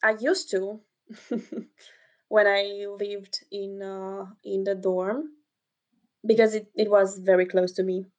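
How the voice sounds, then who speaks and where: A woman's voice: medium pitch, level tone, slow pace, pauses often, a little mellow, highs cut off. A young woman chatting casually, friendly and a bit hesitant, with fillers and easy laughter. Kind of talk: casual chat.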